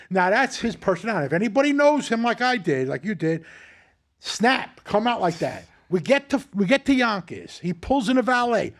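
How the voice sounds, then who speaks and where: An older man hosting a casual chat, telling animated, profane stories and acting out what others said. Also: high-pitched, moderate pace. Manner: animated, profane, acts out quotes. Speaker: host.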